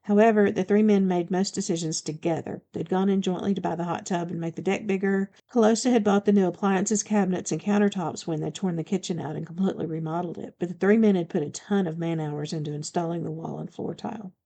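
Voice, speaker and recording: A woman author reading her own novel aloud as an audiobook, in a steady, even storytelling manner. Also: on the low side, fast talker, vocal fry, hardly any pauses. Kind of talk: audiobook narration.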